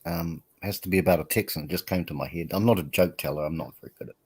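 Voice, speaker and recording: A man's voice: deep voice, quick pace, a little mellow, breathy edge. A man hosting a live stream, chatting casually in a rambling, self-deprecating way and laughing often. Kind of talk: casual chat.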